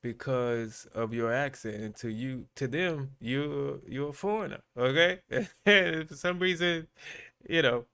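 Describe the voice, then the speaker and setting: A man's voice: medium pitch, a little slow, creaky, pushed and bright, clean tone. A man hosting his own channel, giving laid-back, chatty commentary with frequent fillers. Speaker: vlogger and host. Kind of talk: casual commentary.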